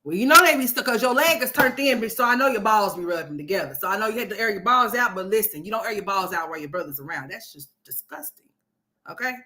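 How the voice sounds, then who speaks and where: A woman's voice: medium pitch, animated, fast talker. A woman from Oklahoma hosting a commentary stream, ranting brashly with a lot of profanity. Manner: brash, profane, loud sassy rants. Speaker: commentary host. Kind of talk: livestream commentary on a reality video.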